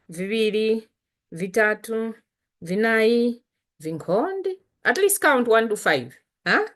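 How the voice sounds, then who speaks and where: A Malawian woman whose first language is Chitumbuka, teaching an online language lesson casually and patiently, repeating words with frequent fillers. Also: mid-range voice. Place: home, online session.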